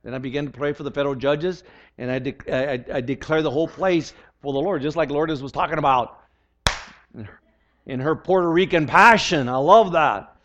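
A man's voice: fairly high pitch, normal speed, a bit bright, slight background noise. An older man preaching a sermon as pastor, earnest and often repeating words as he restarts his sentences. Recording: dull lo-fi recording.

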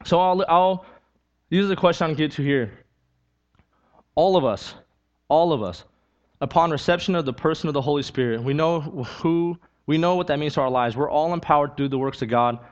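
A man's voice: on the high side, a little fast, dull audio. A man preaching a sermon with a personal testimony, talking earnestly and conversationally, repeating key lines and building to emphatic peaks.

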